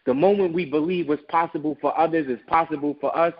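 A man's voice: a little high, steady tone, fast talker, muffled recording. A man who owns a business, telling an emphatic motivational story in an interview. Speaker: guest, business owner.

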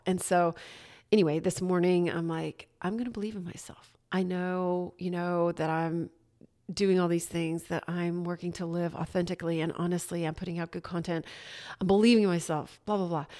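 A woman hosts her own podcast alone, telling a personal story in a casual, animated way. Her voice sits a little low, and she laughs often and acts out what other people said to her. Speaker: podcast host.

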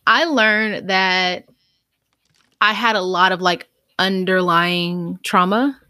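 A young adult woman co-hosting a podcast in casual chat, reflective and soft-spoken, pausing to gather her thoughts. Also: lowish voice, fairly even intonation. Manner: reflective and soft-spoken, pauses to think, gentle laughs. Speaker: podcast co-host.

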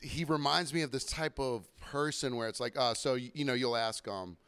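A man in a casual podcast monologue, swearing freely and rambling with exasperation. His voice sits at an ordinary male pitch and stays smooth and clear. The recording is dry and close. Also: normal speed, fairly bright tone, dry recording. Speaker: podcast host.

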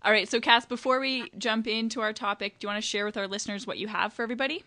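A woman co-hosts a podcast in a bright, crisp voice. She talks in an easygoing, friendly way, often letting phrases trail off. The sound is close and dry. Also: a little high, steady tone, very fast, dry recording. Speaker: podcast co-host. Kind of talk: casual podcast chat.

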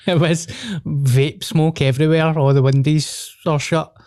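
A man's voice: on the high side, steady tone, unhurried, darkish tone, dry recording, clean studio sound. A young man with a Glaswegian accent hosting a casual podcast, rambling and swearing as he chats. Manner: swearing, laughing, rambling banter. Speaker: podcast host.

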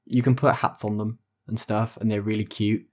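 This man co-hosts a casual gaming podcast, enthusiastically rambling through long explanations. He speaks at a moderate pace in a fairly low, level voice with a darkish tone.

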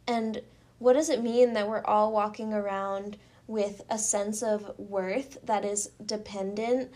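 A woman's voice: medium pitch, steady tone, slow pace, darkish tone. A woman in casual conversation, speaking reflectively and telling a personal story.

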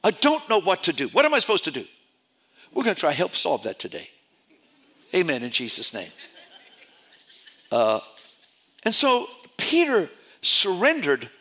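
A man preaching a sermon, telling stories animatedly and often repeating his words. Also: high voice. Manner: animated storytelling with repetitions.

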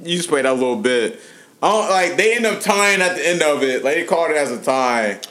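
A man hosts a loose podcast conversation, talking in easy slang and breaking into laughs. His voice is mid-pitched but very animated, rising and falling a lot. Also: fairly quick. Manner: laid-back, slangy, laughs often. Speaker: podcast host. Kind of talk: casual chat.

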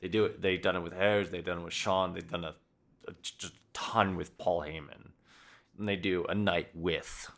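A man hosting a podcast in casual chat, talking excitedly with lots of swearing and acting out quotes. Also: low voice, moderate pace. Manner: excited, profane, acts out quotes. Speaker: podcast host.

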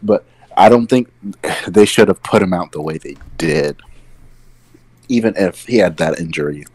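A man with a lowish voice chatting on a podcast. He recounts things he's seen in a loose, easygoing way, peppered with "like" and "you know.". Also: animated, moderate pace, darkish tone, husky, no room sound, poor audio. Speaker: podcast co-host. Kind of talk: casual chat.

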